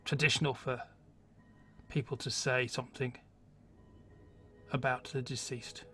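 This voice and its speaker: A man's voice: mid-range voice, little pitch movement, unhurried, sharp tone, soft background music. Man doing a hearty bearded dwarf barmaid. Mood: solemn. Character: hard-drinking bearded female dwarf barmaid.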